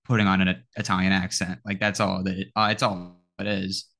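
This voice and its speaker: A man's voice: low-pitched, brisk, creaky. A young man co-hosting a casual podcast, talking animatedly with many filler words. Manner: animated, lots of filler words, mimics film voices. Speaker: podcast co-host. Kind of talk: casual chat.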